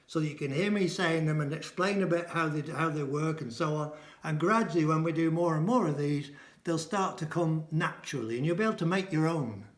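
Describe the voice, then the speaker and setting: A man teaching a casual language lesson, repeating each phrase slowly and translating it. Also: fairly high pitch, reverberant. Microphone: camera mic.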